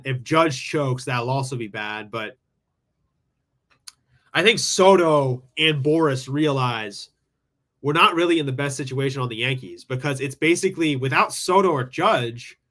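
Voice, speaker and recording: A man's voice: mid-range voice, sharp tone. A man hosting a live call-in sports show, rambling through his takes with lots of "like" and restarts. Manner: rambling, thinks aloud with many "like"s. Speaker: sports talk show host. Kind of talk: casual live sports talk. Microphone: streaming from home with screen share.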